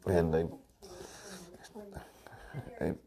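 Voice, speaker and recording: A woman leaving a comedic tearful voice message, hoarse and gravelly, stammering through a halting confession. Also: mellow. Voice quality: gravelly, raspy. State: hoarse, voice nearly gone.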